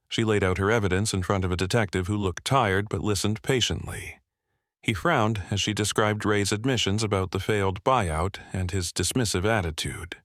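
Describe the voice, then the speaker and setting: A man narrating a scripted true-crime story in a steady, measured way. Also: lowish voice, dry recording, studio quality.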